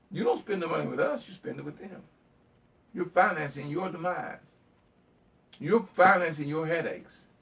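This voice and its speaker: Recorded from a distance, a man with a fairly high, creaky, slightly bright voice hosts a call-in program. He preaches fiercely to listeners, stuttering and repeating himself when he gets riled up.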